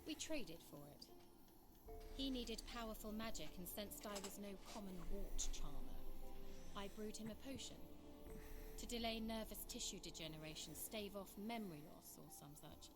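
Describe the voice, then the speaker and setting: A woman's voice: medium pitch, lively intonation, moderate pace, natural voice. An actress playing a shrewd female village witch in a video game, giving wry, evasive answers. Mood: guarded. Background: game music.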